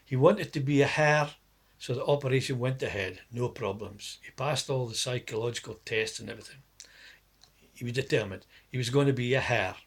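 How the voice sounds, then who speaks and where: Husky man telling a rambling joke. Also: mid-range voice, fairly quick. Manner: rambling, stops to explain and correct himself; laughs at his own jokes. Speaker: storyteller. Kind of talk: casual spoken joke story.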